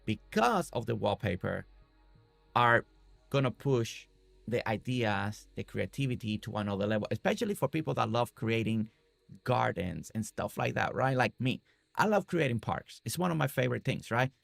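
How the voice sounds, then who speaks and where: Excited guy rambling through his game stream, kinda gravelly, dry close mic, trips over his words a lot. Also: medium pitch, normal speed, no echo, faint music behind. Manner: excited, rambling, many restarts. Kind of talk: casual game livestream commentary.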